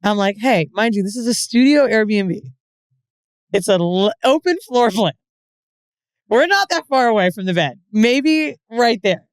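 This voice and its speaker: Animated woman telling a wild story. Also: on the high side, measured pace, clear, resonant tone, dry recording. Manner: animated, acts out quotes, swears freely. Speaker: podcast co-host. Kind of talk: casual storytelling chat.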